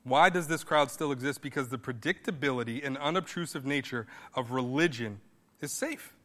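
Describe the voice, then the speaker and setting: Bright-voiced man preaching in a reverberant hall. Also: medium pitch, normal speed. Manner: conversational preaching, rising to emphatic bursts. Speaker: pastor. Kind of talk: sermon.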